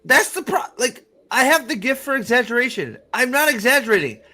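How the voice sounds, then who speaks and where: A man hosting a casual fan chat, excitable and crude, quick to laugh. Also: extremely high pitch. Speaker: host.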